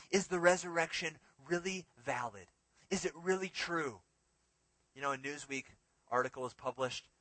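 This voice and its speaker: Forceful, bright-voiced male preacher. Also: medium pitch, dry recording. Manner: dramatic, swings between forceful emphasis and hushed lines. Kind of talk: sermon.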